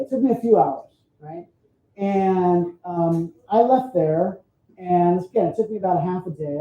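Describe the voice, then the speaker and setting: A man photographer giving a chatty storytelling talk at an expo, often adding "right?" to his points. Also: high-pitched. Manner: chatty, frequent "right?" tag questions. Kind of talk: storytelling presentation. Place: expo hall stage. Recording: roomy, dull sound.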